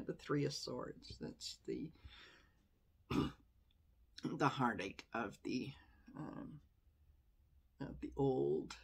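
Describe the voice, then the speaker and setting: A woman's voice: sits low, vocal fry, a little mellow, husky. A woman tarot reader giving casual, conversational commentary, with exasperated asides and frequent laughter.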